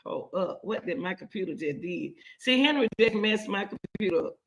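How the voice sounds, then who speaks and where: A woman hosting casual reaction commentary, excitable and chatty, repeating herself often. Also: mid-range voice, moderate pace. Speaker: commentary host.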